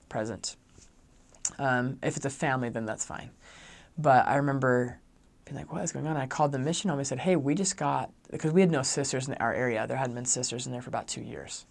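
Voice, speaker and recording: A young man with a mid-range, brisk voice and some vocal fry shares a personal story from his days as a missionary. He talks chattily, packing in fillers, and gets louder whenever he quotes himself saying something kind.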